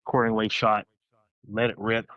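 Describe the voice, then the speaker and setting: A man on a podcast, telling a story in a casual, excited way, rambling, restarting his sentences. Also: fairly low pitch, a little fast, muffled recording.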